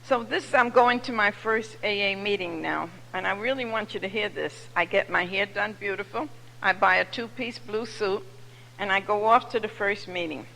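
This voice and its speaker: An older woman with a New York accent gives a lively, humorous testimony to a crowd of listeners. Her voice is gravelly and bright. The sound is an echoey recording from a large hall. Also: mid-range voice, normal speed. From New York City. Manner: lively storyteller, preachy and humorous. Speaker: recovery meeting speaker. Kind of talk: personal testimony to an audience.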